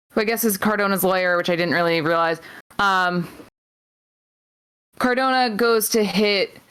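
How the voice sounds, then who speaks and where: A woman co-hosting a podcast, casually recapping wrestling matches move by move with frequent pauses. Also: medium pitch, fairly bright tone, clean tone. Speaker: podcast co-host.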